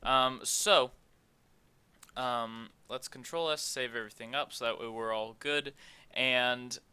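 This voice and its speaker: A man's voice: mid-range voice, takes it slowly, pushed and bright, clear, resonant tone. A young man hosting an unscripted game development tutorial, thinking aloud with many fillers as he works. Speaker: game dev tutorial host. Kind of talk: unscripted screen-recorded tutorial.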